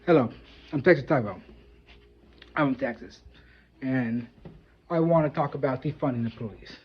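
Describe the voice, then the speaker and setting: A man voicing a blunt, crass Texan man who talks in a gruff, rambling, slangy way. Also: mid-range voice, measured pace. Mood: plain. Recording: dull lo-fi audio.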